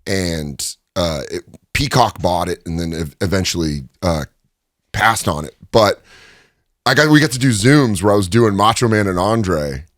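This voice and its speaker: A stand-up comedian with a low, unhurried voice tells stories in a casual interview, full of laughter and energy. The recording studio audio is studio quality with no echo.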